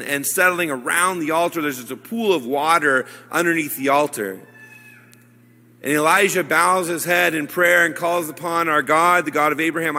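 A man with a fairly high, bright and forceful voice preaches a homily. He tells the story casually and slips into the characters' words as he goes. His voice carries a long reverb, as if it were heard in a church. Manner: conversational storytelling, acting out quoted lines. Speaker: priest. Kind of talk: sermon. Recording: hall reverb.

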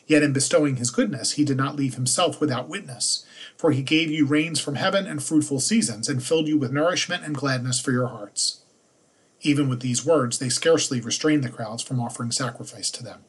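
A man, a priest, reading the day's scripture passages aloud in a measured liturgical manner. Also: mid-range voice, husky.

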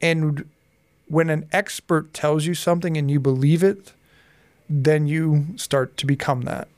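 A man in his forties, a guest on a podcast interview, telling personal stories in a lively way and acting out the dialogue. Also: fairly high pitch, a little slow, no echo. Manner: lively storyteller who acts out dialogue. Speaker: guest, hypnotherapist and coach.

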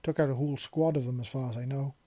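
A man voicing a desperate young runaway in his early twenties, talking fast and urgently. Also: mid-range voice, steady tone, warm tone, close to an everyday voice. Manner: frantic, pleading.

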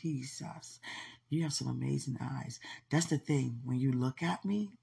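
Slow, gravelly-voiced woman chatting warmly. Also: rumbling low. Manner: effusive and affectionate, laughing often. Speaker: podcast host. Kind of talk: casual livestream chat.

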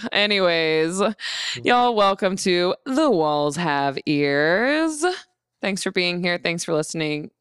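A woman's voice: lowish voice, lively intonation, takes it slowly, a bit bright, clean tone, no room sound. A woman co-hosting a comedy podcast, chatting casually and teasing with frequent laughter. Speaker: podcast co-host.

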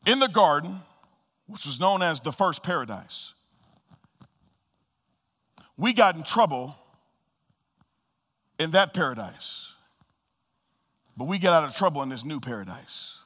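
A man preaching a sermon as pastor, swinging between soft low murmurs and high loud calls and repeating key phrases for emphasis. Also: very animated, unhurried, pauses often, big-room sound. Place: church sanctuary.

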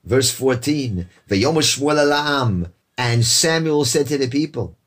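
A man with a slightly husky voice leads a verse-by-verse Bible lesson. He reads each verse in Hebrew, translates it, and explains it in a lively way, voicing the characters as he quotes them. His pitch sits in the middle range for a man. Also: a little slow. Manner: lively, acts out quoted speakers. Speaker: Bible teacher.

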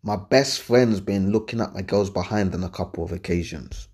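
A young man gives blunt, animated relationship advice in a casual, slangy way, repeating his points. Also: low voice, normal speed, very noisy. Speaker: advice-giving host.

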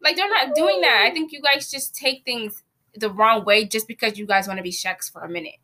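A woman in casual podcast chat, animated and talking fast with lots of fillers. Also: a little high.

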